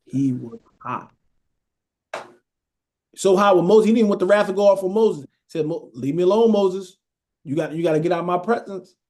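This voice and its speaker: A man's voice: high-pitched, darkish tone. Man preaching casually, checking in constantly. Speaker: Bible teacher. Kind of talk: sermon.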